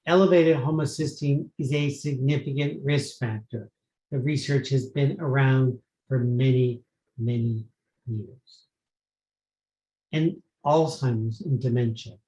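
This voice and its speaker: A man giving an earnest clinical lecture on prevention, emphatic and pausing on fillers as he goes. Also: mid-range voice, fairly even intonation, mellow. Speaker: psychiatrist lecturer. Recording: echoey room.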